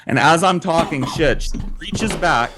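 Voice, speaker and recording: A man's voice: on the high side, animated, measured pace, noisy background. A man telling a long personal story on a podcast, swearing a lot and rambling with many fillers. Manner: profane, rambling, frequent fillers.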